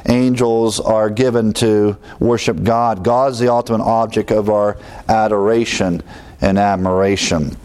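A man's voice: mid-range voice, darkish tone. A man teaching a Bible sermon in a conversational way, with asides and small chuckles at his own remarks. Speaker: pastor.

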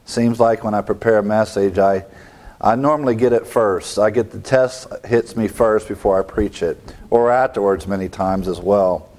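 A man's voice: on the low side, normal speed, a little mellow. A man, a pastor, giving an expository sermon, explaining word meanings and asking rhetorical questions with a chuckle now and then.

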